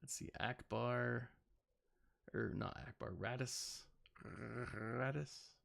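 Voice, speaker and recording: A man's voice: medium pitch, slow pace, vocal fry, a bit bright. A man in his thirties, a gaming channel host, giving casual, rambling gameplay commentary with self-mocking asides and playful sound effects.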